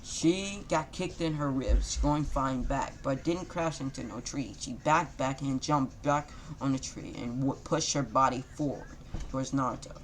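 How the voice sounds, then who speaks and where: A man's voice: medium pitch, measured pace, noisy background. A man casually improvising a fan fiction story, rambling and correcting himself as he goes. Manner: rambling, self-correcting, loose grammar.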